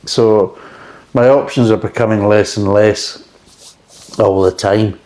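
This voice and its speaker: Low, mellow-voiced man reviewing beer. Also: steady tone, takes it slowly. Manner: rambling, conversational, frank. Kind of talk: casual review chat.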